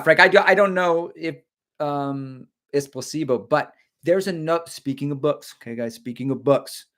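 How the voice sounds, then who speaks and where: A middle-aged man chats on a live stream at an ordinary pitch. He jokes and rambles, drifting from one aside to the next between viewer comments. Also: fairly bright tone. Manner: joking, rambling, reads viewer comments aloud. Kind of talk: casual live-stream chat.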